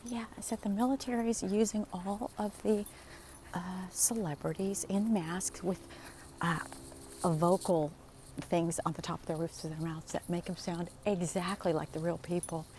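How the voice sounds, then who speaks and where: A woman's voice: on the low side, fairly even intonation, normal speed, darkish tone, a little hiss or hum. A woman in her sixties chatting casually to a phone camera while walking outdoors in the desert, telling stories in a rambling way and acting out the people she quotes. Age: 60s. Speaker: vlogger.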